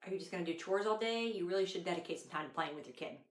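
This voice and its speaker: A woman's voice: fairly low pitch, racing, natural voice. A woman playing a preachy know-it-all mom who lectures another parent in a bossy tone. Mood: scolding.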